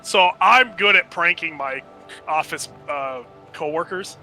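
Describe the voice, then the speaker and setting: Male co-player, high and piercing, teasing prankster tone, swears easily. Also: measured pace, pushed and bright, faint music behind, poor audio. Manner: joking, mocking, swears freely. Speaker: co-player guest. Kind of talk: casual chat while gaming.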